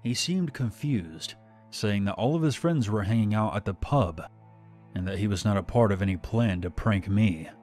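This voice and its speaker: A male narrator reads a scripted horror story in a steady, measured manner, his voice on the lower side. Soft music plays faintly in the background.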